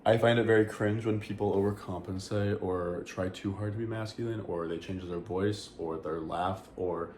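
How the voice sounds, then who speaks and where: A man's voice: low-pitched, fairly even intonation, moderate pace, few pauses, darkish tone. A young man chatting candidly to camera in a vlog, rambling with lots of fillers and casual swearing. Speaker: vlogger. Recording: echoey room with faint noise.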